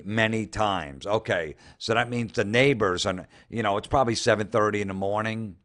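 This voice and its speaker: Here the comedian host sounds fairly bright, with a voice on the low side at normal speed. He mocks social media posts as he reads them, swearing often and sounding sarcastic and incredulous.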